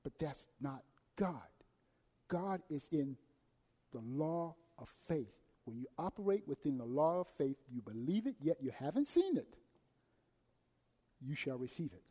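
A man preaching a sermon, swinging between loud emphasis and hushed, quiet passages. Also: on the high side, very animated, unhurried, long pauses, breathy edge. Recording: long hall reverb.

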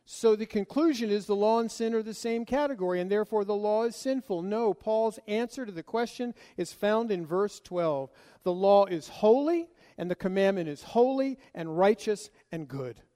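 A man's voice: high voice, lively intonation, normal speed, warm tone, in a large hall. A man preaching an expository sermon, emphatic and full of rhetorical questions he answers himself.

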